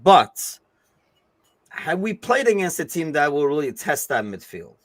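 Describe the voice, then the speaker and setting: A playful man hosts a casual football podcast in a mixed accent that has Turkish and English traces. His pitch jumps around a lot, and his voice sounds dry and close to the mic. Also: big pitch swings, unhurried, dry recording. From Turkey. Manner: playful, teasing. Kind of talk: casual sports chat.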